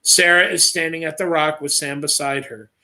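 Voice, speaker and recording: A man's voice: fairly high pitch, fairly even intonation, moderate pace, sharp tone. A man reading his own first-person story aloud on a livestream, reading dramatically and breaking off for offhand asides.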